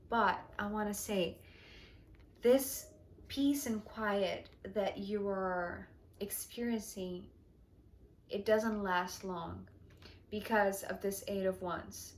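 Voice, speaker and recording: Slow, hushed woman reading tarot. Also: mid-range voice, fairly even intonation, slight background noise. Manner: slow, soft and dreamy, often dropping to a near whisper. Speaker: tarot reader. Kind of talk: intuitive tarot reading monologue.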